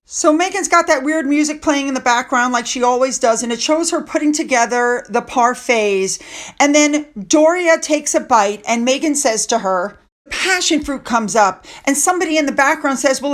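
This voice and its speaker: A woman's voice: sits high, fairly bright tone. A woman from the United States giving casual, opinionated commentary on royal gossip, sarcastic and blunt.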